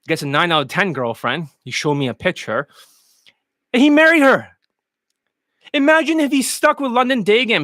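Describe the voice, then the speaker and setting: A man's voice: high voice, sharp tone, no echo. A man who coaches dating, delivering a heated, mocking monologue full of swearing. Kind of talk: profane ranting monologue.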